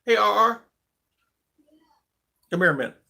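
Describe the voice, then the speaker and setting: Male live-stream host, gravelly voice, friendly and rambling, halting with lots of fillers. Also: high-pitched, lively intonation, pushed and bright. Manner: friendly, greets viewers one by one. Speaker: livestream vlog host. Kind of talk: casual live chat greeting viewers.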